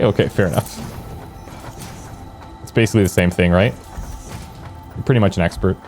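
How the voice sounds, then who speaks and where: A man's voice: low-pitched, moderate pace, long pauses, a little mellow, faint music behind. A man streaming a video game, chatting casually and thinking aloud as he plans, now and then answering viewers. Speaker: let's play streamer. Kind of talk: casual gameplay commentary.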